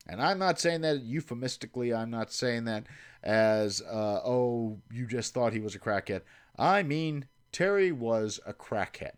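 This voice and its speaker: Animated Kentucky man telling stories. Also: medium pitch. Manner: animated, swearing, wry deadpan asides. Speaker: livestream host. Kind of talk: casual storytelling. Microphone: home streaming mic.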